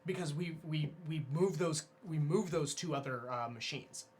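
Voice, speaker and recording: A man's voice: a little high, moderate pace. A man on a live stream chatting casually while playing a card game, walking the others through card rules at length. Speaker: stream co-host and card player. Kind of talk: casual gaming chat.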